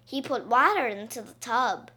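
A woman reading a children's story aloud, slowly and expressively. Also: a little high, husky. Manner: slow, expressive read-aloud.

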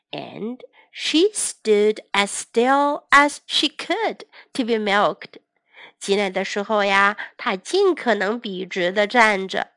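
Woman, English teacher, bilingual story reading, gentle, careful, very slow, slightly high, dry close sound. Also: no echo.

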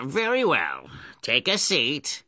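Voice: mid-range voice, huge pitch swings, very slow, vocal fry, pushed and bright, no room sound, heavily acted. A performer voicing a blunt, money-minded male restaurant owner in a storybook. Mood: brusque. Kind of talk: storybook voice acting.

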